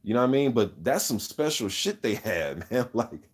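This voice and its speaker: A man's voice: mid-range voice, big pitch swings, moderate pace, husky. A man hosting a casual boxing talk show, reading viewer comments and giving loose, opinionated takes full of swearing and "you know what I'm saying". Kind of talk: casual unscripted chat.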